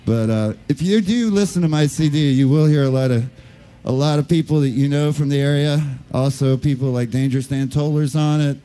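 A male bandleader chats from a live stage in a relaxed, rambling way. His voice is warm and mellow, and faint music sits behind him. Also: on the high side, a little fast, few pauses, smooth. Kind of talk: casual stage banter.

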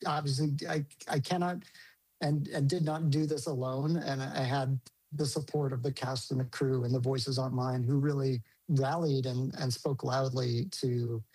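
A male filmmaker answers an interviewer in a thoughtful, halting way, with frequent restarts. His tone is dark and mellow. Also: medium pitch, steady tone, husky, rough recording. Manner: thoughtful, hesitant, many restarts and fillers. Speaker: film director interviewed.

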